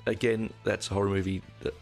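Deep gravelly man, rambling. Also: flat delivery, fast talker, faint music behind. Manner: rambling, with frequent restarts and swearing. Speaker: podcast host. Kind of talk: casual solo podcast monologue.

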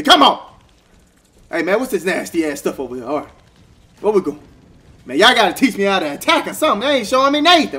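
Hyped young gamer, high and lively. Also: male voice, fast, pauses often. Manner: hyped, excitable, talks to the game characters. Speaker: gaming streamer. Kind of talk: casual let's-play commentary.

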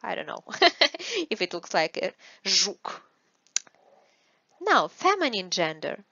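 Slow, patient Russian-accented woman teacher. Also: fairly low pitch, sing-song, vocal fry, bright, forceful tone, no echo, lo-fi sound. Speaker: language teacher. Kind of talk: beginner language lesson.

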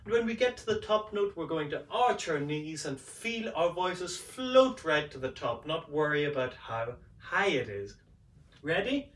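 A man leading a playful vocal warm-up lesson, coaxing and demonstrating by singing. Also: on the high side, sing-song, unhurried. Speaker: singing teacher. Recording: roomy, from a distance.

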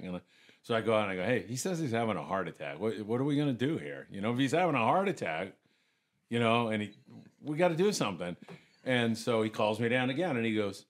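A man's voice: on the low side, fast. An older man, a retired commercial fisherman, telling stories in a casual podcast chat and acting out other people's lines. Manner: animated storyteller, acts out others' lines in raised voices.

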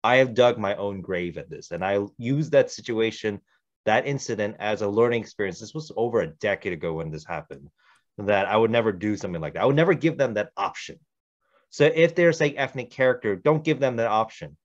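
A man who works as a voice actor, speaking on a casual panel as an animated storyteller who gives direct advice. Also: mid-range voice, fairly quick. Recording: dull lo-fi audio.

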